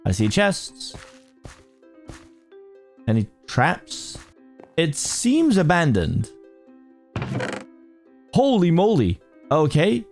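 A man giving excitable, chatty commentary while playing a Minecraft modpack, talking to himself and his viewers with sudden jumpy exclamations. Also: on the high side, extremely slow, pauses often, faint music behind. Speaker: gaming YouTuber. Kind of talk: casual Minecraft let's play commentary.

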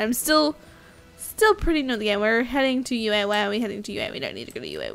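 A young woman with a high voice chats her way through a video game, excitable and quick to squeal at every surprise. Faint game music plays under her commentary. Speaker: gaming YouTuber. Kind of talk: casual gameplay commentary.

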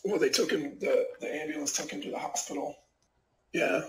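Gravelly man telling a story, echoey room. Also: a little high, normal speed, slight background noise. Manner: rambling, many fillers like "like" and "you know". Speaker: professional fighter and fight analyst. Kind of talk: casual interview storytelling.

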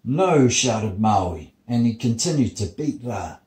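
A man, a father reading a bedtime story steadily and gently in his child's bedroom. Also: fairly low pitch, expressive, measured pace, echoey room, rough recording.

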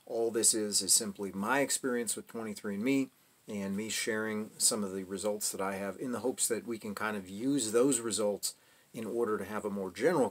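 Guy talking to camera, lowish voice, careful and measured, lots of caveats. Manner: measured, careful, adds caveats and self-corrections. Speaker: channel host. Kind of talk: explanatory talk to camera.

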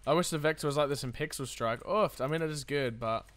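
A man live-streaming a game, chatty and excitable, talking to his viewers while he plays. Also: on the high side, quick pace.

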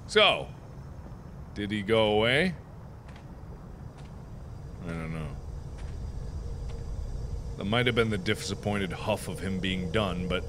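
A man playing a horror game who screams, swears and panics, then settles into calm musing. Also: lowish voice, background noise. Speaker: let's play host.

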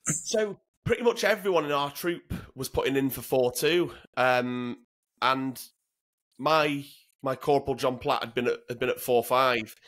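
A man's voice: medium pitch, unhurried, fairly bright tone. A man, telling frank, swear-laden stories as an interview guest, often repeating words as he starts. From Northern England. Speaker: guest, former commando. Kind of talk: casual interview storytelling.

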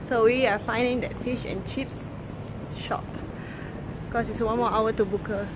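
A young woman vlogs to camera on a city street, chatty and quick to giggle. Her voice sits high. Traffic noise from the street is clearly heard around her. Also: steady tone. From Singapore. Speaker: vlogger. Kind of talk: casual vlog chat. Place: city street at night, outdoors.

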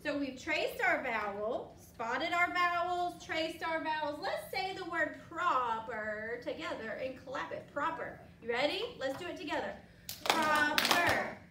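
A woman's voice: high-pitched, animated, a little slow, few pauses, bright, forceful tone, a little hiss or hum. A woman teaching young children a phonics lesson, patient and encouraging, asking questions and waiting for answers. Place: classroom. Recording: echoey classroom from far off.

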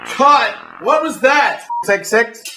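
A man's voice: very high voice, sing-song, slow, very noisy. A man playing a director in a live comedy sketch, curtly and impatiently calling cuts and takes. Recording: echoey club room.

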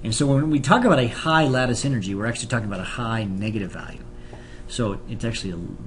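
A man's voice: medium pitch, animated, quick pace, a little hiss or hum. Casual male chemistry teacher. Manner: casual and joking, explains with fillers and restarts. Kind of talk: classroom lecture video with banter.

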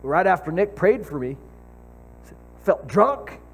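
A man's voice: high voice, sing-song, takes it slowly, slight background noise, low-quality recording. Eager man interviewing a guest at church. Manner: eager, laughs often, chimes in. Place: church service.

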